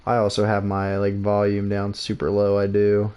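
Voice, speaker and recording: A man's voice: on the low side, completely flat delivery, moderate pace, a little mellow, clear, resonant tone. A man hosting a casual livestream, talking loosely and often repeating words and restarting sentences. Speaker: streamer host.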